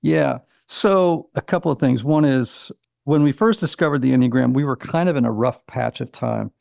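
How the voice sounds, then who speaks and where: Gravelly man in his sixties, animated. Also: mid-range voice, normal speed, dry recording, clean studio sound. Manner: animated storyteller, acts out quotes, many "you know"s. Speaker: author and psychotherapist, guest. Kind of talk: conversational interview.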